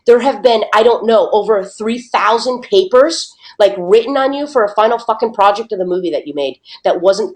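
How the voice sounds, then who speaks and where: A young woman hosting a casual talk show, telling a personal story in an emphatic way, with lots of swearing and "dude". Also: mid-range voice. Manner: emphatic, swears a lot, says "dude" and "okay". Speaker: host.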